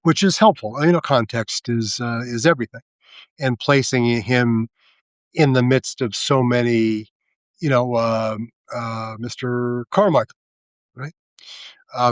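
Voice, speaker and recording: Slow, halting man talking politics. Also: mid-range voice, fairly even intonation, no room sound. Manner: halting, full of fillers and restarts, sardonic. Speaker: live video host. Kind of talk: casual political commentary monologue.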